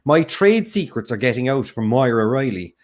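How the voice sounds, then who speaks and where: A man with a Cork Irish accent hosting a livestreamed pub quiz, chatting casually and reading out viewer comments with quick jokes. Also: mid-range voice, big pitch swings, soft background music. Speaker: quiz host.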